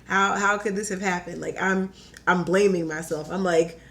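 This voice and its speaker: A young woman telling a personal story in casual chat, animated and full of "like", acting out her own quotes. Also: on the low side, moderate pace. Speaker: podcast guest.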